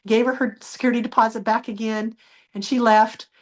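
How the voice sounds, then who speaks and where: A woman's voice: on the high side, flat delivery, fairly quick. Earnest woman telling a personal story. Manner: earnest, acts out remembered dialogue in a raised voice. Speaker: interview guest.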